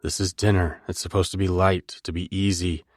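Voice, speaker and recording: A man narrating a first-person romance audiobook in a low, intimate, measured way, close to the mic. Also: level tone, no room sound.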